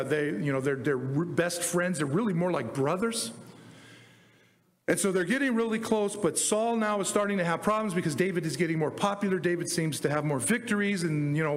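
Guy preaching, high voice, chatty storytelling, long echo off a big hall. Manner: chatty, acts out biblical dialogue in slang. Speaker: pastor. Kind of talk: casual sermon storytelling.

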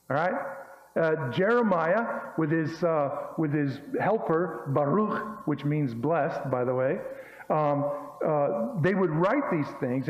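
A man preaching a sermon in an emphatic, folksy way, full of rhetorical questions. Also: fairly high pitch. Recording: echoey hall, dull lo-fi sound.

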